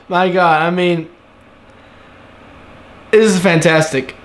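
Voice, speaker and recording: A man reviews an anime episode in a casual video, excitable and swearing freely. His voice sits high, and he gushes between stumbling fillers. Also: drawn-out words. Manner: excitable, gushing, profane.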